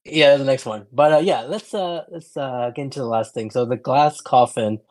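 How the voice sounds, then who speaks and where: A man co-hosting a laid-back movie podcast, telling the plot in a hesitant way and stopping often to restart his sentences. His voice sits at an ordinary pitch for a man. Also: normal speed, darkish tone. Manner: hesitant, lots of fillers and restarts. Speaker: podcast co-host. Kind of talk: casual movie-review chat.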